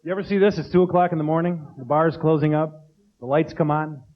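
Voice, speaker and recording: A man doing a stand-up comedy routine on a theater stage, animated and full of mimicked sounds. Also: on the high side, quick pace. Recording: dull lo-fi tape with noise.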